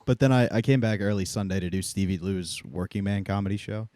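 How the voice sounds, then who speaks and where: Male comedian co-host, deep voice, dry delivery, dead-dry studio. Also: fast, darkish tone, dry recording. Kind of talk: casual chat.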